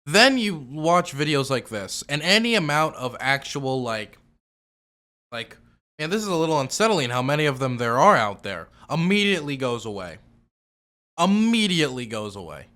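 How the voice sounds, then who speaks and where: A man's voice: mid-range voice, sing-song, moderate pace, bright, forceful tone. A man giving casual, sarcastic reaction commentary as a streamer, rambling with lots of fillers.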